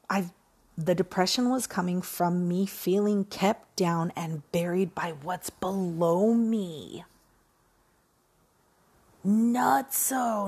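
A woman hosts a solo podcast in a casual, talkative monologue. Her voice has a gravelly edge and a husky grain. She speaks with emphasis, circling back on her own phrases and slipping in jokes. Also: fairly low pitch. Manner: animated, emphatic, repeats phrases, jokey. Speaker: podcast host.

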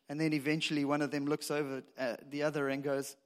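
A pastor preaching a sermon in a conversational way, asking rhetorical questions and throwing in casual asides. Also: male voice, on the high side, level tone, a little fast.

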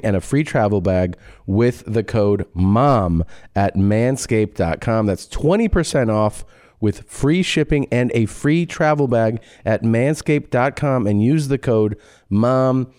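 A man's voice: medium pitch, animated, unhurried, a little mellow, no echo, studio quality. A man co-hosting a comedy podcast, reading sponsor ads in a jokey, offhand, rambling way. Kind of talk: casual ad read.

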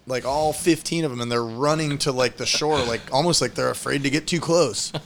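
A man in casual chat, swearing freely and full of slang as he lays out event plans. His voice sits at a middling pitch. A faint hiss of noise runs underneath. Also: brisk, gravelly, a bit bright. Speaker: event organizer.

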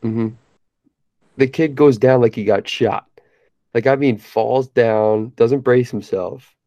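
A young man leans into a rambling story for his podcast co-hosts, full of "like" and easy laughter. His voice is dark and mellow, and the mic sounds dry and a little muffled. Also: mid-range voice, slow pace, no echo. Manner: laid-back storyteller, laughs often, many fillers. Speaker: podcast co-host. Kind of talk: casual chat.

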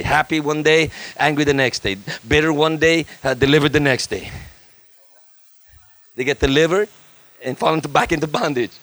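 In a church, a middle-aged male guest pastor preaches a lively sermon full of humor and chanted repetition. He shifts suddenly between loud, high bursts and soft, low asides.

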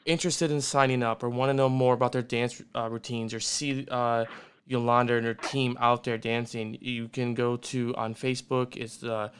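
A man's voice: medium pitch, level tone, normal speed, a little hiss or hum. A man from Michigan hosting a radio show, chatting and plugging a guest in a loose, upbeat way. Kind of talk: casual radio interview.

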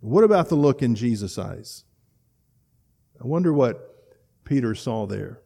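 A middle-aged man preaching a sermon, telling a story and swinging between loud emphasis and hushed, reflective passages. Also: mid-range voice, lively intonation, measured pace, vocal fry, long pauses. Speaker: pastor.

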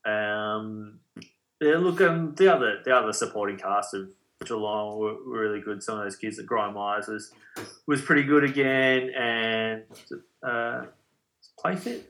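An Australian man co-hosting a casual podcast, analysing football in a loose, filler-heavy way. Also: fairly low pitch. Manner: relaxed footy analysis, many fillers. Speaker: podcast co-host. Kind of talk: casual chat.

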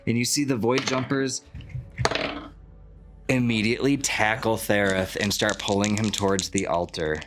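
A man narrating as game master of a tabletop role-playing game, relaxed and descriptive. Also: lowish voice, moderate pace, noisy background.

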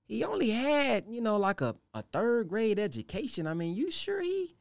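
A man doing a soft coaxing male tempter. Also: high voice, wildly swooping pitch, moderate pace, gravelly, dry recording, voice pushed up, full character voice. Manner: soft, coaxing, casual, with repeated "I mean". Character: smooth-talking male tempter casting evil suggestions.

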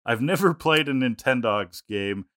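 Co-hosting a laid-back podcast conversation, a man stays playful, cracking jokes and laughing frequently. His medium-pitched voice is animated and fairly bright, at a moderate pace, captured in a dry, studio-quality recording.

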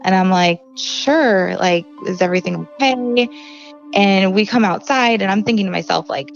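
A woman's voice: mid-range voice, moderate pace, vocal fry, muffled recording, faint music behind. A young woman from the Chicago suburbs telling a personal story in a conversational way, full of "like" and acted-out dialogue. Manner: conversational, frequent "like" fillers, acts out quoted dialogue. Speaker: guest telling her story.

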